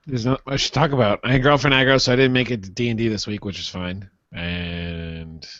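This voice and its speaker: Dry low-key podcast man. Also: a little fast, a bit bright, no room sound, dull audio. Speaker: podcast co-host. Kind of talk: casual chat.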